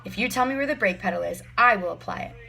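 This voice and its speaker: A woman voicing an excitable elderly lady who gushes in high, breathless exclamations. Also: fast talker, creaky, faint music behind. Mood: eager.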